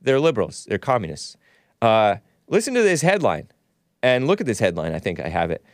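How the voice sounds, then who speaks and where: A man's voice: lowish voice, huge pitch swings, a little fast, no room sound, clean studio sound. A man hosting his own podcast, delivering solo political commentary in a combative, sarcastic rant with frequent restarts and self-corrections. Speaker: podcast host.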